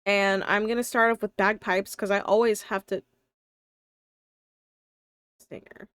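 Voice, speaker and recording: A woman's voice: medium pitch, steady tone, a little slow, fairly bright tone, smooth, no echo. Young woman, slight lisp, chatty streamer, thinks aloud, dry close sound. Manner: chatty, thinks aloud, talks to her chat. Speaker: live streamer and tabletop player. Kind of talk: casual live-stream chat.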